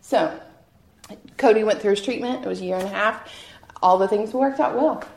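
In a roomy hall full of echo, a guest speaker tells her church audience about her own faith journey. Her mid-range voice is somewhat creaky and a little mellow, moving at a normal speed, and she's sincere throughout while frequently chuckling at her own expense.

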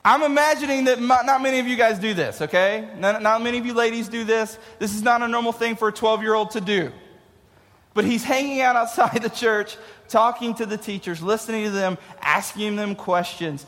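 A man gives a casual, joking youth sermon and laughs at his own jokes. His voice is high, and it rings out with a long hall reverb. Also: fairly quick, fairly bright tone. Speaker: youth pastor.

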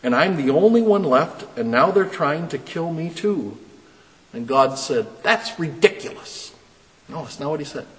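A man preaching a sermon, reading scripture dramatically and then explaining it in a lowered, earnest voice. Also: animated, normal speed. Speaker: pastor. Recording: long reverb.

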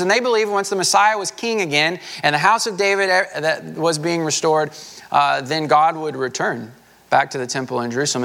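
A man's voice: a little high, a bit bright. A man, a pastor, giving a conversational sermon with a folksy, casual manner and frequent filler words.

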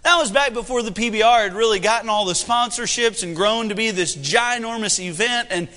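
A young man preaching a sermon, telling a personal story in a folksy, animated way from a church sanctuary. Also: high-pitched, a little fast, long reverb tail. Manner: folksy and animated, with shifting energy.

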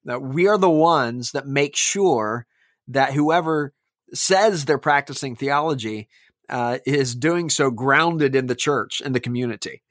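A man's voice: mid-range voice, measured pace, no echo. Earnest male pastor, dry sound. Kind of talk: podcast conversation.

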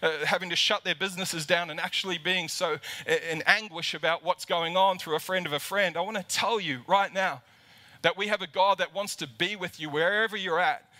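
A man's voice: high-pitched, steady tone, a little fast, bright, forceful tone. A man preaching a livestreamed sermon as lead pastor to a camera in an empty church auditorium, impassioned and repeating words as he builds emphasis.

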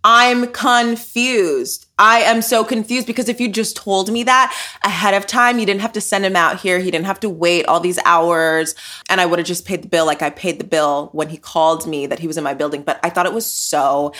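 Bright-voiced woman ranting casually. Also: lowish voice, normal speed. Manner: animated, swearing storyteller. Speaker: podcast host. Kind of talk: casual monologue.

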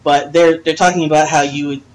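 A woman's voice: low voice, steady tone, brisk, a little mellow, low-quality recording. Chatty, teasing older woman. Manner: chatty, laughs often, teasing. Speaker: podcast host. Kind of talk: casual chat. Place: friend's house, dim room.

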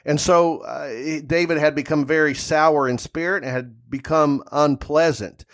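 Man preaching a sermon with pauses. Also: fairly high pitch, fairly even intonation. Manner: unhurried preaching with many "uh" pauses, reading scripture aloud. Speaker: pastor.

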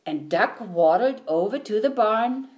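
A woman reading a picture book aloud in an expressive, sing-song storytelling manner. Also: mid-range voice, measured pace. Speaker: storybook reader.

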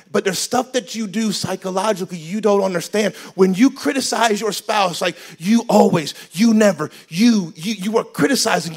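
High-pitched guy preaching at church into a mic, jokey, swings loud to quiet. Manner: animated, joking, shifts between loud emphasis and quiet asides. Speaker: pastor. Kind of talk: sermon. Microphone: handheld microphone.

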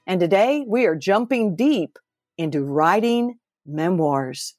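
A woman hosting a podcast interview, bubbly and expressive, her voice swooping up when she gets excited. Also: on the low side, unhurried, soft background music. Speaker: podcast host.

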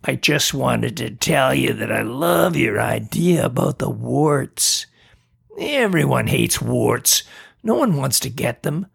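A man voicing a goofy horned male ink-blot monster who talks gruffly in a casual, chummy way, in a storybook reading. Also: medium pitch, animated, takes it slowly, a bit bright, no echo, studio quality, heavily acted.

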